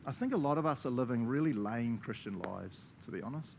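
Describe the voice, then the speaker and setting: Animated New Zealand preacher man. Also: medium pitch, fairly quick, vocal fry, a little hiss or hum. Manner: animated, laughing, acts out quoted voices. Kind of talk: sermon.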